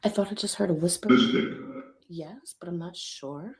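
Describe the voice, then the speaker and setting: Woman medium, lower voice, halting and emotional delivery. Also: darkish tone. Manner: halting and emotional, many ums and pauses. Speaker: spirit box medium. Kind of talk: emotional spirit box session video.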